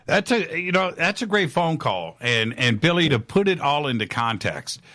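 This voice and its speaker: A man's voice: on the high side, big pitch swings, moderate pace, bright, forceful tone, no room sound, clean studio sound. A man hosting a live call-in radio show, enthusiastic and rambling.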